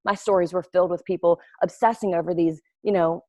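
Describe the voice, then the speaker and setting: A woman's voice: fairly low pitch, fairly quick, dry recording, studio quality. A woman, a network marketing recruiter talking casually and animatedly to her team. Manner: chatty, animated storyteller with playful quoted voices. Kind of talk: casual webinar talk.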